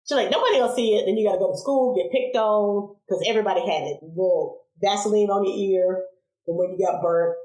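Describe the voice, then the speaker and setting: A woman in her forties tells childhood stories as a podcast guest, animated and quick to laugh, and she acts out the voices of the people in them. Her voice sits at a middle pitch. A roomy echo hangs around it. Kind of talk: casual storytelling interview.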